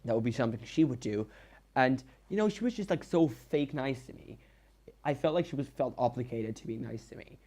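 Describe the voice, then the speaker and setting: A man's voice: medium pitch, animated, dark tone. Rambling young man, Dutch accent. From Netherlands. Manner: rambling, self-deprecating, halting restarts. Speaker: game builder. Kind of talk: casual storytelling voiceover.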